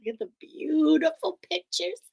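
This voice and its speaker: A woman teacher reading a picture book aloud to children, playful and animated, often dropping into whispers. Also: high-pitched, normal speed, gravelly.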